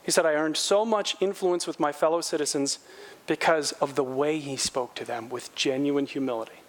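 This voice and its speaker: At normal speed, the middle-aged preacher gives his sermon with plenty of animation. He raises his voice to act out quotes and lowers it to a quiet hush for heartfelt points.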